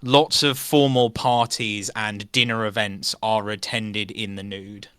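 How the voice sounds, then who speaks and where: Bright, crisp-voiced male game master. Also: fairly low pitch, fairly even intonation, unhurried, no room sound. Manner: loose, filler-laden narration. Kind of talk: narrating a tabletop game.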